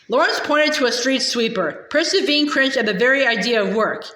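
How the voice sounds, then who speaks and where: A woman reads a children's novel aloud, narrating steadily with the odd stumble and restart. Her voice sits a little high. The room around her adds a clear echo. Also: expressive, moderate pace, hardly any pauses, pushed and bright. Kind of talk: storybook read-aloud. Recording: echoey room.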